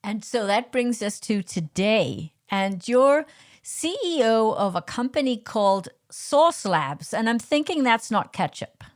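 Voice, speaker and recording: A woman's voice: a little high, sing-song, measured pace. A woman hosting a podcast, asking curious, friendly questions of her guest. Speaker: podcast host. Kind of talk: interview.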